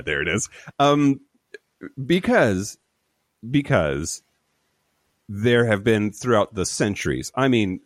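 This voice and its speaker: A man co-hosts a podcast remotely while sick with covid, rambling and repeating words in a casual chat as he explains. His voice is low-pitched, and the remote recording has clean studio sound with no room echo.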